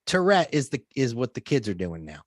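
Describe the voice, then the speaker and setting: A middle-aged man, the show's host, chatting casually and telling stories with animated voices for the people he quotes. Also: mid-range voice, fairly quick, noisy background. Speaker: podcast host being interviewed. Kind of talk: casual conversation.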